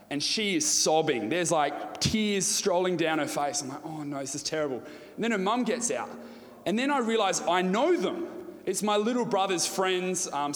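Young Australian male preacher, chatty storyteller, bright high register, echoing hall. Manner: chatty, asks the audience questions. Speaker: youth preacher. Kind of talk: storytelling sermon.

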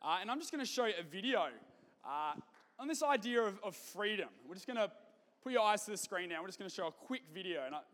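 Guy with a high voice doing a youth group talk, chatty and jokey, big hall echo. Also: animated, fast talker, a bit bright. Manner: chatty, joking, conversational with fillers. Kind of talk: casual youth talk to students. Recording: long hall reverb.

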